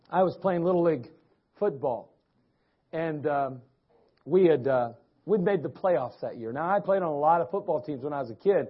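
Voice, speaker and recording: A male preacher tells a story from the pulpit in a loose, folksy way, often restarting his sentences. His voice sits fairly high and sounds husky. The church recording is dull and lo-fi. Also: animated, moderate pace, long pauses. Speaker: pastor. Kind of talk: sermon with personal story. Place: church sanctuary.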